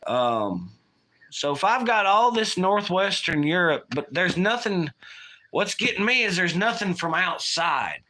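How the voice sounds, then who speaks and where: A man's voice: high-pitched, very animated, measured pace, pushed and bright. A man hosting a casual livestream, rambling and swearing while he reads chat aloud. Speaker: livestream host.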